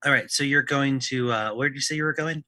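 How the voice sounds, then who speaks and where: A man's voice: medium pitch, fast, pushed and bright, no room sound, rough recording. A man playing a tabletop game, planning his moves in a thoughtful, hesitant way. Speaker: player.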